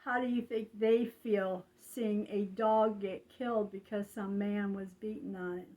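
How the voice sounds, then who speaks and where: An older woman talking slowly and rambling in a confiding way, with frequent fillers. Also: mid-range voice, steady tone, a little mellow, low-quality recording. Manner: slow, rambling, confiding, with frequent "you know". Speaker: vlogger. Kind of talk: casual monologue.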